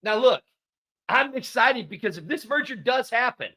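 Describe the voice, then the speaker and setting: A man's voice: extremely high pitch, lively intonation, normal speed, pushed and bright. A man co-hosting a casual sports talk show, emphatic and repeating his points for stress. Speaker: podcast co-host. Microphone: studio microphone.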